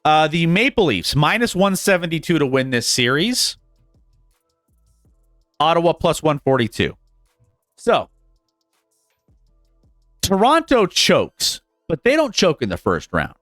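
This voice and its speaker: A lively man hosting a sports betting stream, his voice on the higher side and swinging up and down as he talks. He chuckles a lot and trips over his words before pressing on. The sound is dry and close, with faint music underneath. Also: a little slow, pauses often, dry recording. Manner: animated, chuckles often, stumbles and restarts. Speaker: sports betting show host. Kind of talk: casual sports talk on a live stream.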